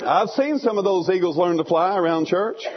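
A male preacher delivering a fiery storytelling sermon in church, swinging from hushed to shouting. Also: high voice, moderate pace, highs cut off, a crowd in the background.

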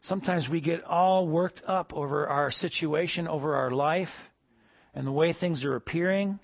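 A man preaching a sermon to a congregation, rising to emphatic peaks and then dropping soft. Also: on the high side, moderate pace, no echo, highs cut off. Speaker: pastor.

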